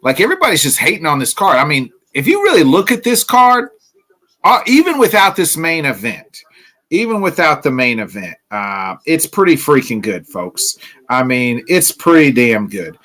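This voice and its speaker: A man's voice: on the high side, very animated, moderate pace, pushed and bright. A man hosting a casual solo sports podcast, rambling with lots of fillers. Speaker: podcast host.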